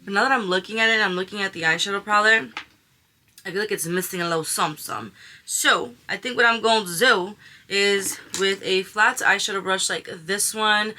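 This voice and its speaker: A woman's voice: mid-range voice, steady tone, normal speed, sharp tone, slight background noise. A young woman chatting casually through a makeup tutorial, gushing over colors and sprinkling in slang. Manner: chatty, gushing, uses slang like "she is giving". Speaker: beauty vlogger.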